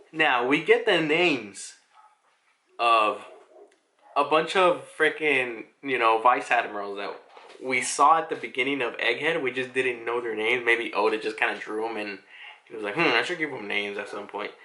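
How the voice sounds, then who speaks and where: A man's voice: mid-range voice, pushed and bright. A man giving a casual manga chapter recap, rambling, swearing and leaning on fillers. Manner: rambling, filler-heavy, profane.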